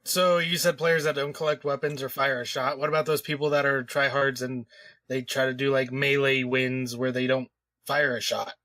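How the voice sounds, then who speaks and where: A man's voice: medium pitch, flat delivery, moderate pace, bright, forceful tone, no room sound. A man co-hosting a casual gaming podcast, joking around as he rattles off upcoming release dates. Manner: jokey, rattles off lists with wordplay.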